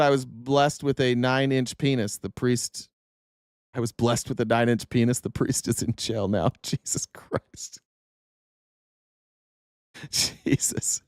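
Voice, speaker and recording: A man's voice: medium pitch, a little mellow, no room sound, clean studio sound. A man in his thirties from the United States, hosting a live-stream and ranting angrily with profanity. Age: 30s. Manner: angry, profane, repetitive. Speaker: show host. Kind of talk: live-stream political rant.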